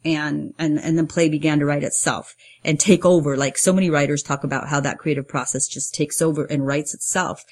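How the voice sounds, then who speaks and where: A middle-aged woman, a playwright and performer, telling her own story in an earnest way and getting lively when she acts out what people said. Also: sits low, fairly quick, few pauses. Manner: earnest, animated when acting out quotes. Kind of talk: personal storytelling interview.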